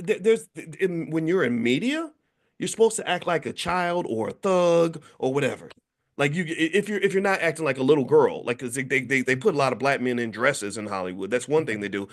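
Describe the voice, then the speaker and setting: Man, 50s, slightly high voice with a lively up-and-down delivery; casual monologue, acts out quoted lines. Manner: animated storytelling, acts out quoted voices, frequent restarts. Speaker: commentator.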